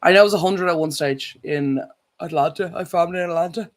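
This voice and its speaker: A woman's voice: lowish voice, fairly quick. A woman chatting casually on a live stream, rambling and correcting herself as she goes. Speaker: vlogger.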